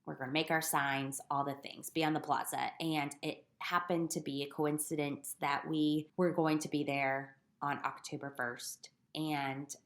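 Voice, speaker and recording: A woman telling her own story on a podcast in a reflective, earnest way that brightens with laughter when she gets excited. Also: sits low, measured pace, hardly any pauses. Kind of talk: personal storytelling in casual chat.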